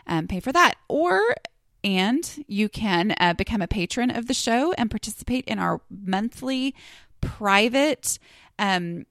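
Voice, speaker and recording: A woman's voice: mid-range voice, vocal fry, a bit bright, no echo, clean studio sound. Chatty, rambling woman podcaster. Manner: chatty and rambling, many ums and self-corrections. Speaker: podcast host. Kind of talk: casual solo podcast talk.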